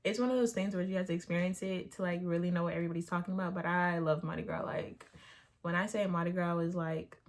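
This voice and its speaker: A young woman talks through a get-to-know-me Q&A in a loose, rambling way, filling her sentences with "like" and "you know". Her voice sits a little low for a woman, and she keeps it conversational and easygoing. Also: steady tone, quick pace. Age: young adult. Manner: chatty, rambling, many "like" fillers. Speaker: YouTuber answering Q&A. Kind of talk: casual chat.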